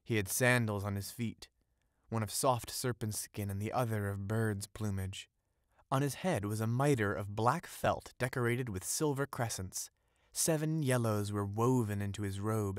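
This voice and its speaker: A man with a low-set voice reads a classic fairy tale aloud as an audiobook. The delivery is steady and ornate, close to the mic, with a dry sound and no echo. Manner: steady, ornate storytelling read. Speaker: audiobook narrator. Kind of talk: scripted audiobook narration.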